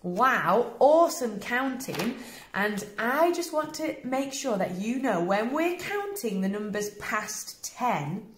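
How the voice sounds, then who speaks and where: A woman's voice: a little high, big pitch swings. An English woman teaching a reception-class maths lesson, counting along and encouraging young children with playful gasps. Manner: slow, sing-song and encouraging, with playful gasps. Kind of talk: early-years maths lesson to camera.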